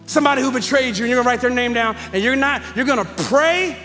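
A man's voice: very high voice, quick pace, bright, forceful tone, faint music behind. A man preaching a sermon, calling out to his congregation with rising intensity, recorded live in a large church hall. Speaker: pastor.

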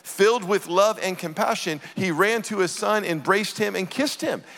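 A man's voice: sits high, moderate pace, a bit bright. A middle-aged man preaching a sermon as a pastor, earnest and emphatic. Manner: earnest, emphatic scripture reading. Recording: church hall reverb.

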